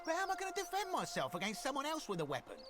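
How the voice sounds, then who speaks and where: An actor playing a greedy, scheming Roman merchant in a video game, telling tales with sly boastfulness. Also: male voice, very high voice, huge pitch swings, racing, exaggerated voice. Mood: wheedling. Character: greedy scheming male Roman merchant, smooth con man. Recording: game audio with music behind.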